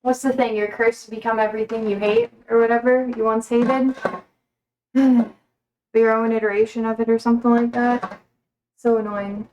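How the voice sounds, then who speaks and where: A woman's voice: a little high, level tone, normal speed, darkish tone, highs cut off, a little hiss or hum. A young woman livestreaming from her kitchen, chatting casually and rambling between talk to her pets. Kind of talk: casual chat while cooking.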